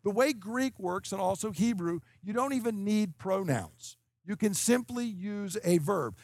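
A man in his fifties with a fairly high voice, recorded dry and close, preaching an expository sermon. He explains point by point and keeps asking his hearers "okay?". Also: expressive, measured pace, a little mellow, dry recording. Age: 50s. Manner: emphatic, explanatory, checks in with "okay?". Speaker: preacher teaching scripture.

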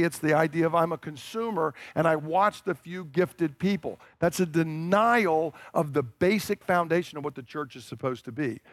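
A man from the American South preaching a sermon, stressing and repeating his key points and slowing down to drive them home. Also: on the high side, no echo. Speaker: pastor.

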